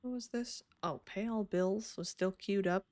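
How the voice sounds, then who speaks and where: A woman's voice: medium pitch, a little slow, darkish tone. A young woman streaming a life-sim game, chatting casually and giggling as she talks to her characters, sleepy and yawning. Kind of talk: casual live game commentary.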